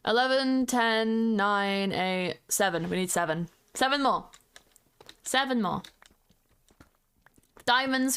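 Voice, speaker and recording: During a casual game stream, a woman says hi to viewers by name and hums along with the music as she plays. She speaks in a slightly high voice with a clean tone.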